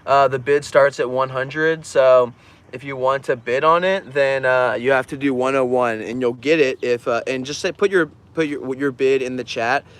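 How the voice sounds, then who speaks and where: A man's voice: medium pitch, moderate pace, a bit bright, clear, resonant tone. Rambling man telling stories on a stream. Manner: rambling, many fillers, laughs often. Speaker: artist streaming an auction. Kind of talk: casual livestream storytelling.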